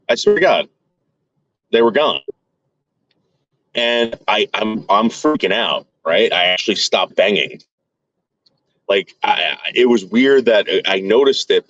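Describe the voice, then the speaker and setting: A man's voice: lowish voice, a bit bright, no echo, dull audio. A man vlogging to his viewers in a crude, rambling casual monologue full of fillers and restarts.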